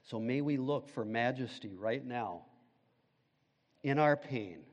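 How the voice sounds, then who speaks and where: A man preaching a sermon, swinging between loud, fervent peaks and hushed, slow passages. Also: medium pitch, highs cut off. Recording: long hall reverb.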